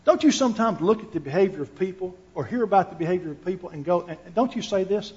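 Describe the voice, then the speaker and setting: High-voiced earnest male preacher. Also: very animated, quick pace, few pauses, a little mellow. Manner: earnest, repeats words while thinking, asks the listeners questions. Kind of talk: sermon with scripture reading. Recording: dull lo-fi recording.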